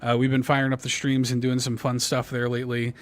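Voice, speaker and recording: A man hosting a casual gaming podcast, chatty and quick to laugh. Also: medium pitch, monotone. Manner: laughs often, loose and chatty. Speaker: podcast host. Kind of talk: casual chat.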